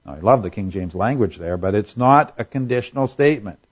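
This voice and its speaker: A man's voice: fairly low pitch, expressive, a little fast, slightly rough, muffled recording. A man preaching a sermon in a conversational way, asking rhetorical questions and acting out quotes for humor. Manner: acts out quotes in voices for humor. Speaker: pastor.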